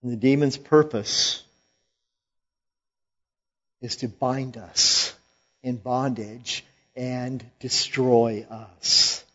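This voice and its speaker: A man preaching a sermon slowly and emphatically, rising to loud, forceful quoted lines. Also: mid-range voice, steady tone, lo-fi sound.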